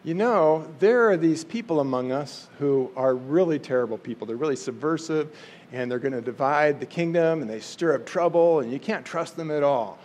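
A man voicing a scheming royal official, casually paraphrasing the character's persuasive pitch to the king. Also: normal speed, a little mellow, natural voice.

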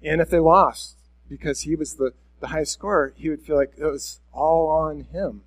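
Man, pastor, conversational sermon, fairly high voice, candid and self-deprecating. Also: fairly even intonation, moderate pace. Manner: candid, self-deprecating, speaks directly to listeners.

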